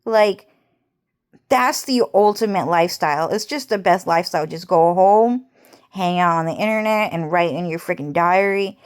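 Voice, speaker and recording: A woman's voice: on the low side, moderate pace, clean tone. A young woman vlogger talking to camera in a rambling, agitated personal monologue, swearing heavily and repeating herself.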